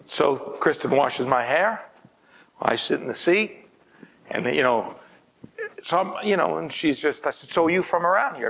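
A man preaching, telling a personal story and often dropping to a hushed, breathy near-whisper. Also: mid-range voice, lively intonation, moderate pace, rough recording. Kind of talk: storytelling sermon.

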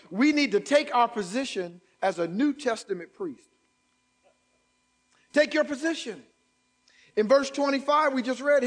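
A man preaching a sermon as pastor, building from quoted scripture to shouted exhortations and repeated phrases. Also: very high-pitched.

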